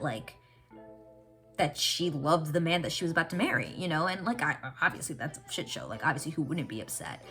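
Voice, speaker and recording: A woman with a low voice chats through a TV episode recap, her pitch swinging widely as she gets worked up. She talks in an excitable, unfiltered way and swears freely. Faint music plays behind her. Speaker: TV reaction vlogger. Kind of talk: casual recap and reaction chat.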